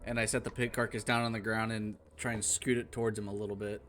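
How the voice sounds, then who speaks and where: A man's voice: on the low side, level tone, fast talker, a bit bright. Matter-of-fact man playing a tabletop game. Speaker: player. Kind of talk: casual tabletop game play.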